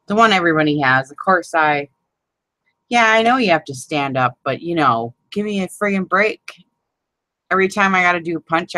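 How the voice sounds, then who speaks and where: A woman's voice: sits low, a bit bright, no echo, low-quality recording. A woman hosting a live crafting chat, rambling and exasperated, swearing and laughing as she talks to viewers by name. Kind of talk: casual live chat, demonstrating a paper craft.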